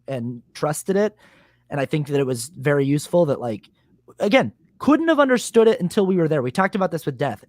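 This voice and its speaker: A man's voice: on the high side, darkish tone, dry recording, studio quality. A man hosting a podcast, telling a personal story animatedly and acting out what was said, with casual swearing. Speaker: podcast host. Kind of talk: casual conversation.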